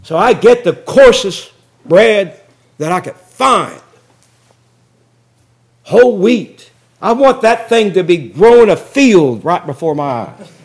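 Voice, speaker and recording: Folksy preacher, high and lively. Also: male voice, takes it slowly, long pauses. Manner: folksy, joking storyteller who gets loud and excited. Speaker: pastor. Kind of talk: sermon.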